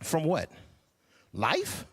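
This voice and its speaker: A man in his sixties performing a stand-up comedy routine, incredulous and animated. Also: fairly high pitch, extremely slow, husky, in a large hall. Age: 60s. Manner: animated, incredulous, acts out voices. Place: church hall stage.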